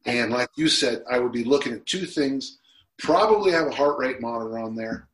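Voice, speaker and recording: A man's voice: medium pitch, moderate pace, fairly bright tone. A man in his sixties being interviewed on a podcast, talking in a reflective way that turns emotional at times. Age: 60s. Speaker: guest. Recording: roomy echo.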